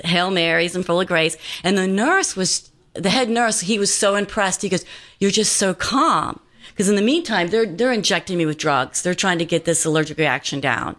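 A woman's voice: lowish voice, fairly bright tone. A woman guest giving an earnest personal testimony in casual talk, with many fillers and restarts.

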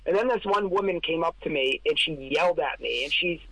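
A man's voice: fairly high pitch, a little fast, creaky, fairly bright tone, no room sound, poor audio. A man talking as a podcast guest, telling his story in an earnest, emphatic way and counting off his points. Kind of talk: casual storytelling.

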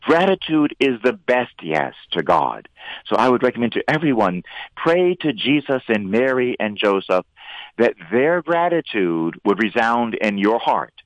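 A man, a priest and regular on a radio show, talking earnestly about faith and often rising into lively emphatic bursts. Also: medium pitch, unhurried, dry recording, rough recording. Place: radio studio.

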